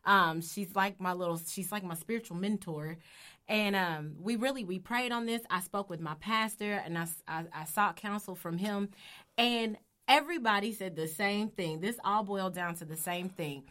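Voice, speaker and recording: A woman co-hosting a casual faith talk show, telling a personal story in an animated way and laughing often. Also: mid-range voice, normal speed. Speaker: podcast co-host.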